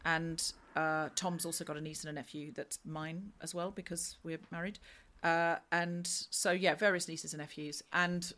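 A middle-aged woman chatting as a guest, telling rambling, lively stories in a casual conversation. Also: sits low, normal speed. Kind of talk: casual chat.

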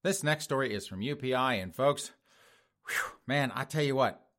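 A man's voice: medium pitch, normal speed, a bit bright. Middle-aged male show host; sarcastic news commentary, mocking tone. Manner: mocking, sarcastic, laughs at own jokes. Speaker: podcast host.

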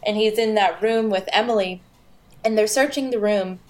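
A woman co-hosting a relaxed conversation about a game. She talks in an animated way, laughing often and poking fun as she critiques it. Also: medium pitch, normal speed. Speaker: podcast co-host. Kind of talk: casual chat reviewing a video game.

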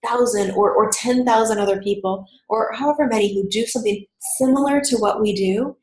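A woman's voice: fairly high pitch, brisk, a little mellow, roomy sound, low-quality recording. A woman podcast host in a candid conversation, a supportive and reflective listener.

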